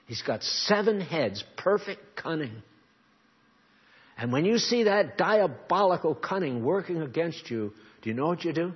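A man's voice: a little high, breathy edge. A man preaching a sermon with earnest emphasis, often asking the congregation questions. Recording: dull lo-fi recording.

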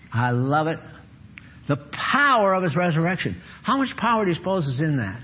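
An older man giving an informal, folksy sermon with chuckles and sudden animated bursts. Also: on the high side, unhurried, slightly rough. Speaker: preacher. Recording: dull lo-fi recording.

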